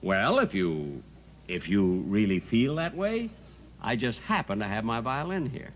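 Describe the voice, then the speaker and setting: A man doing comic stage banter with dry, slow reactions. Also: lowish voice, very animated. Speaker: comedian guest. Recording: distant stage mic with crowd and noise.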